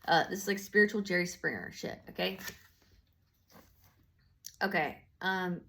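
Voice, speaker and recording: A woman's voice: fairly low pitch, measured pace, gravelly, a bit bright. A woman giving a casual tarot reading, slangy and profane, rambling with lots of fillers and restarts. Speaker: tarot reader.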